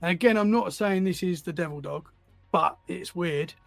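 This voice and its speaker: This man, a paranormal enthusiast guesting on a podcast, meanders through casual anecdotes and keeps repeating words while he searches for his point. He speaks at a normal pace in a high voice with vocal fry; there's no echo, but faint music plays behind him.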